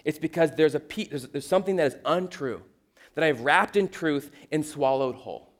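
A pastor preaching a sermon in a conversational, earnest manner with playful asides. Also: male voice, fairly high pitch, lively intonation, moderate pace.

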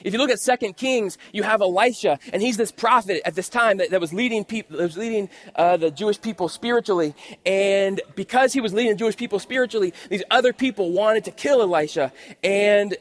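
A man's voice: high voice, brisk. A man preaching a sermon at a church service, reading scripture and then explaining it step by step in a conversational way. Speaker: pastor.

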